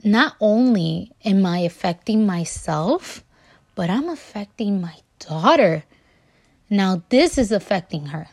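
An earnest young woman shares her own postpartum struggle in a personal vlog. Her voice sits at an ordinary middle pitch. She talks with deep feeling and often stumbles, restarts and repeats her words. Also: expressive, slow pace. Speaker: new mother sharing her story.

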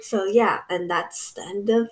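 Young woman, casual podcast storytelling, rambling, lots of fillers, medium pitch. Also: unhurried. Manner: rambling, fillers like "like", quoting others. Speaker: podcast co-host.

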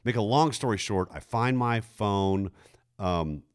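A middle-aged man, telling a story in casual chat, jumping high in pitch when he quotes a woman. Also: animated, measured pace, clear, resonant tone. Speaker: podcast co-host telling a story.

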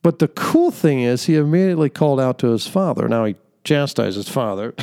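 Speaking at a moderate pace, this young male podcast host has a medium-pitched, dark-toned voice that swings widely in pitch. His reflective monologue is an earnest story about faith, sprinkled with fillers and laughs.

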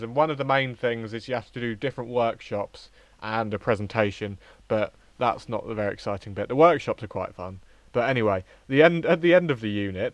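A young man chats casually on a podcast, rambling and restarting his sentences. His voice is mid-pitched and the sound is dry and close. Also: no echo. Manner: chatty, rambling with restarts and giggles. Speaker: podcast co-host, drama student. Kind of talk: casual chat.

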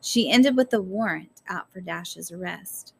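A woman narrating a story aloud in a measured, careful storytelling manner. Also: lowish voice, creaky, slightly rough. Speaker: audiobook narrator. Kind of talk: scripted narration.

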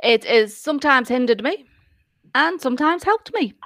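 A middle-aged woman, a celebrant and hypnotherapist, chatting as a guest in a lively, jokey way. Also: high-pitched, moderate pace, dry recording, studio quality. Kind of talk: casual chat.

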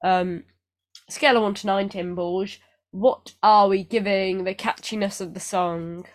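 A woman co-hosting a casual chat podcast, pitched in the middle range. She rambles and pokes fun at herself, filling gaps with ums. She is still getting over feeling unwell. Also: fairly even intonation, unhurried. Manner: rambling and self-deprecating, many fillers. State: recovering from illness. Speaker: podcast co-host.

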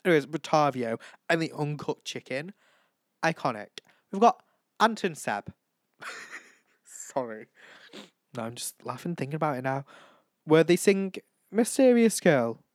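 A man's voice: a little high, big pitch swings, unhurried, long pauses, no room sound. A teenage young man hosting a casual chat, gushing and camp, who keeps breaking into impressions. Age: teens. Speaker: vlog host.

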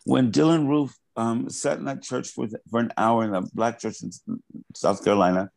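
A man's voice: mid-range voice, steady tone, moderate pace, creaky, darkish tone, no echo, poor audio. A male artist in an interview, speaking earnestly and with passion, often restarting and repeating words. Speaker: artist guest. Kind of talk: interview conversation.

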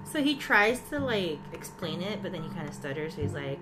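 A woman's voice: lowish voice, very animated, a little fast, over music. A woman co-hosting a podcast, casually recapping an episode, chatty and often laughing. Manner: chatty, laughs often, does silly voices. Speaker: podcast co-host.

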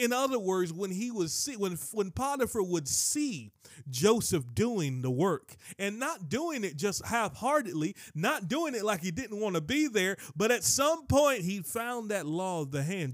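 A male preacher with a fairly high voice that leaps up and down with great liveliness. He drives the sermon with emphatic asides and climbs to near shouts, recorded close and dry. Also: dry recording. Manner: animated, emphatic, swings to shouting peaks; frequent asides to the congregation like "watch this".

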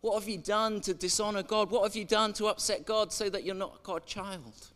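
A man's voice: high voice, fairly even intonation, normal speed, a bit bright, voice pushed up. A man voicing fellow temple priests who needle a colleague with mocking questions. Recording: echoey church hall.

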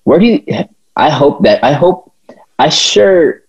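Animated, husky-voiced young man ranting. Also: a little high, slow, muffled recording. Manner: animated, swearing, stumbling restarts, laughs often. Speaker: podcast co-host. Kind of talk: casual chat.

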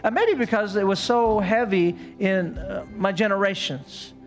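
Pastor, male, high tenor, fervent sermon delivery with homespun asides; faint music under him. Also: a little slow. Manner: fervent, exclamatory preaching with folksy asides. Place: church service.

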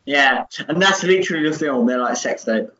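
A man riffing on a podcast in a high, bright-sounding voice, cracking jokes and swearing freely. The recording is dull and lo-fi, with a roomy echo and faint background noise. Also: fairly quick. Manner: joking, sweary, laughing often. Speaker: podcast co-host. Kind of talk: casual chat. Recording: echoey room, dull lo-fi audio.

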